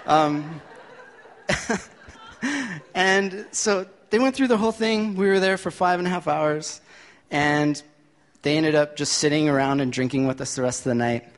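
A man's voice: a little high, a little slow, pauses often. Male storyteller, wry and laughing, live hall reverb.

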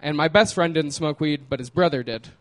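A man's voice: on the high side, fairly quick. A man casually telling a personal story, laughing often and trailing off with fillers.

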